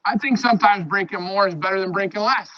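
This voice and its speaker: A man talking loudly to his pigeons as he shows his loft on a live phone stream. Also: high-pitched, fast, slight background noise. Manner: loud, talks to his birds. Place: pigeon loft, outdoors nearby. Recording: dull lo-fi stream audio.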